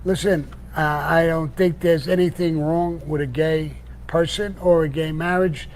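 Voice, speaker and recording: A man hosting a call-in advice segment, giving measured but opinionated answers. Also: fairly high pitch, steady tone, a little mellow, slight background noise. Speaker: radio advice host.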